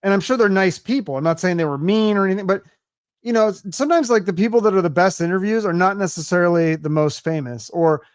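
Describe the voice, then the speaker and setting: A man's voice: high voice, fast, clear, resonant tone, dry recording, studio quality. A man hosting a podcast in casual chat, enthusiastic and chatty and swearing casually. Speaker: podcast host.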